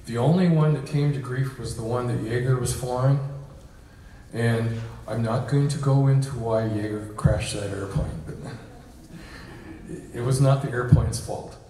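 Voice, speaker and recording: A man's voice: mid-range voice, steady tone, a little slow, mellow, a little hiss or hum. A man giving an informal lecture to an audience, conversational and full of ums and uhs. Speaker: guest speaker. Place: reception hall with an audience. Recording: echoey hall, mic at a distance.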